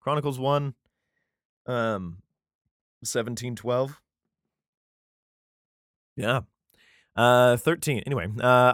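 A man's voice: mid-range voice, drawn-out words, long pauses, fairly bright tone, dry recording, studio quality. A man reading Bible verses aloud in a solemn tone, breaking off for irreverent, profane comic commentary. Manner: mixes solemn archaic reading with crude jokes; laughs often, profane. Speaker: scripture reader and commentator.

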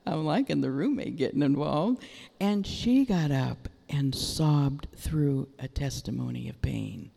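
A middle-aged woman gives an animated sermon testimony, telling her story with bursts of excited exclamation. Her voice rings out with a long reverb, like a large church hall. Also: deep voice, unhurried, gravelly. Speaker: church speaker.

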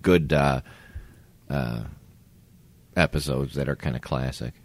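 A man's voice: a bass voice, takes it slowly, no room sound. A man guesting on a podcast, joking and swearing in a laid-back, casual way. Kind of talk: casual chat.

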